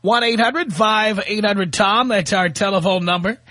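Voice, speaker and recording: A male talk radio host taking calls, with brisk, wry reactions. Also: high-pitched, pushed and bright, no echo, studio quality. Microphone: studio microphone.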